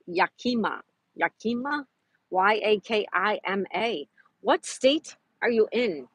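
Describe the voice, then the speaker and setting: A Florida woman hosts a casual livestream outdoors in a park, chatting with viewers, greeting them by name and reading trivia questions aloud. Her voice is mid-range and a little rough, with no echo.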